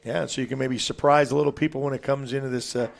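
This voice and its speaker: A man's voice: mid-range voice, steady tone, quick pace, vocal fry. A man hosting a local sports show from a restaurant, chatting casually with players and coaches. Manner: chatty, asks players questions, trails off. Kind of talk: casual interview. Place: restaurant in a mall.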